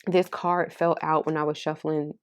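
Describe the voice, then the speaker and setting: A woman with a notably low, deep voice reads tarot cards for her audience. She talks in a casual, heartfelt and candid way and swears freely. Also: level tone, normal speed, clear, resonant tone. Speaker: tarot card reader. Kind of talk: casual pick-a-card tarot reading.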